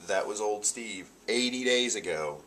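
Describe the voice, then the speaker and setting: A man's voice: fairly low pitch, expressive, measured pace, a bit bright, slight background noise. A man talking casually in a video diary, a bit nasal from allergies, chatty and upbeat. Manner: chatty, upbeat, laughs often. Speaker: vlogger.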